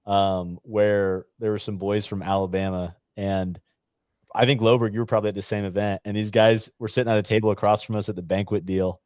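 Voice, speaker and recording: A man's voice: on the low side, flat delivery, brisk, darkish tone, no echo, studio quality. A male podcast host chatting in an easygoing way, often laughing. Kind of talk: casual podcast chat.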